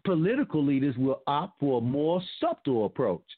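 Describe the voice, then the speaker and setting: A man hosting a talk show, reading news out and breaking in with preachy, sarcastic remarks to his listeners. His voice sits a little high and comes through dry and phone-thin. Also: sing-song, moderate pace, dry recording, narrow, tinny audio. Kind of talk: opinionated commentary reading news aloud.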